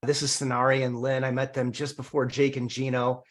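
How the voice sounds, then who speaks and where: A man's voice: mid-range voice, monotone, fairly quick. A man interviewing a guest, effusive and full of praise. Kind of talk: interview questions.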